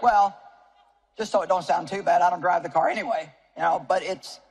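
A woman's voice: lowish voice, fairly even intonation, brisk, creaky, a little mellow, slightly rough. A woman in her seventies from Missouri preaching a sermon to a live audience, telling homey stories with humor and chatty asides to the crowd. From Missouri, United States. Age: 70s. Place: stage before an audience.

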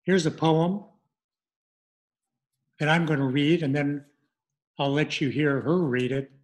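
Slow, halting man teaching a language. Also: a little high, fairly even intonation. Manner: slow, halting, many fillers and restarts. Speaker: language program presenter. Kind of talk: online language lesson.

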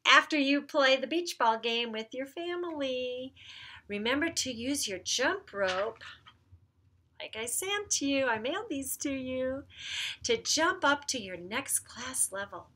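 A woman leading a church children's message, speaking gently and slowly to young kids as she tells a story and prays. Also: sits high, lively intonation.

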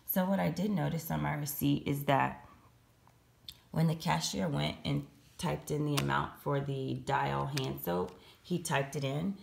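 A woman with a hoarse, raspy morning voice, chatting casually through her shopping receipt math in a vlog. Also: sits low. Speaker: couponing vlogger. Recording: echoey room.

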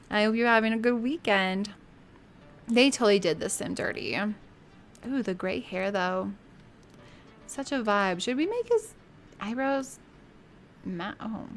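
A woman's voice: a little high, animated, normal speed, pauses often, slight background noise. A woman streaming live, chatting casually and laughing often while she plays a life-sim game.

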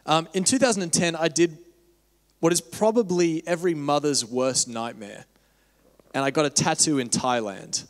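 A man's voice: a little high, normal speed. A young man giving a casual, candid church talk with a personal story, rambling with many fillers. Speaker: church speaker on mission. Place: church hall. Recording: echoey church hall.

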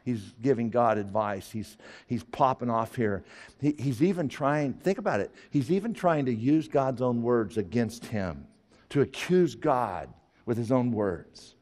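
A male pastor preaching a sermon, moving between chatty asides and forceful, rising emphasis. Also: medium pitch, expressive, unhurried, in a large hall.

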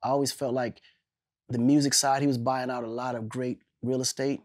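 A man in his forties, an interview guest telling animated stories, laughing and swearing casually. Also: mid-range voice, a little fast.

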